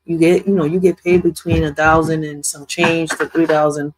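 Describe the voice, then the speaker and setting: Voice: mid-range voice, flat delivery, normal speed, rough recording. A host rambles in casual reaction commentary, using slang and restarting sentences often.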